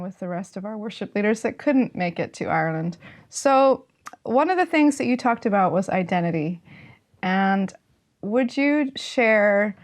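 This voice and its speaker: A woman hosting a church worship interview, introducing her guest and asking questions in an enthusiastic, friendly way. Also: mid-range voice. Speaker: church worship network host.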